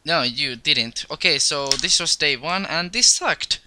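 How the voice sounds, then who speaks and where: A young man giving excitable, crude commentary over his gameplay. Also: fairly high pitch, a little slow, clean tone. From Finland. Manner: excitable, crude trash talk. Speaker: gaming video host.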